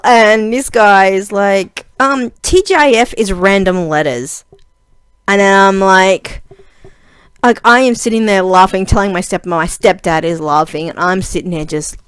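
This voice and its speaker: A young woman telling a funny story to camera in a chatty, giggly way, with lots of fillers and lively retellings of a conversation. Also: mid-range voice, moderate pace, dry recording. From Australia. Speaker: vlogger. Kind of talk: casual storytelling vlog.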